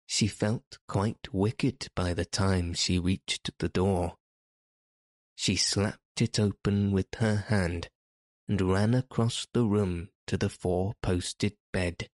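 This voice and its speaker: Deep-voiced, slow male narrator. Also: steady tone, no room sound, clean studio sound. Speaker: audiobook narrator. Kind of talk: scripted narration.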